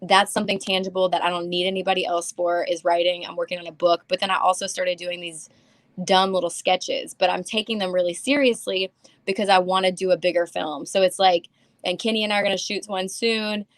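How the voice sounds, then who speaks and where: A woman, a comic and writer, chatting casually as a guest, rambling and animated as she tells stories. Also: fairly low pitch, fairly quick, dry recording. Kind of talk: casual chat.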